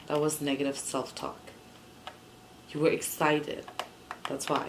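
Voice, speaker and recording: A woman's voice: low voice, flat delivery, a little slow, long pauses, noisy background. A young woman chatting and swearing freely as she vlogs herself fixing something. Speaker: vlogger. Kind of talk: casual vlog narration while working.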